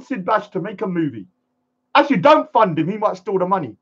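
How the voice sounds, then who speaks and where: A man's voice: sits high, sing-song, normal speed, breathy edge, highs cut off. A man ranting defiantly to camera, acting out pleading voices as he goes. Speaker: vlogger.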